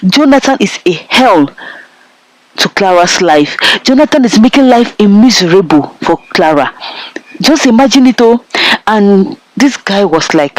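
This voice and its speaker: A film reviewer with a Nigerian English accent gives a casual plot recap with commentary, emphatic and repetitive, addressing viewers directly. His medium-pitched voice is expressive and unhurried, on a dry, poor-quality recording.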